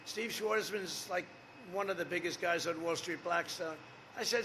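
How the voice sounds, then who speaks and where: A man's voice: high-pitched, moderate pace, fairly bright tone, slight background noise. A man in his seventies giving a campaign rally speech, rambling and repetitive, with off-script asides to the crowd. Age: 70s. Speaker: political candidate.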